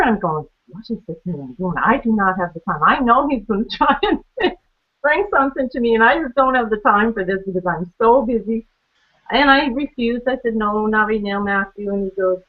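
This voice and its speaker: Her voice is a little high and expressive, moving at a moderate pace as she gives a personal testimony on a training call. The phone-line audio carries her chatty manner, frequent laughter, and acted-out quoted conversations.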